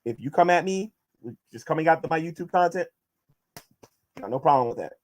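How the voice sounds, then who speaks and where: A man answers viewer questions in a casual vlog and turns combative toward his critics, stumbling into restarts as he pushes his points. His voice sits somewhat high and moves around a great deal. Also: expressive, brisk. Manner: combative, addressing critics directly, many restarts.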